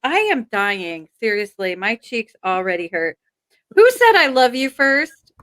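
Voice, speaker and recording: Bubbly, high-pitched woman host. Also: big pitch swings, unhurried, fairly bright tone. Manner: bubbly, laughs often. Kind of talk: casual game-show chat.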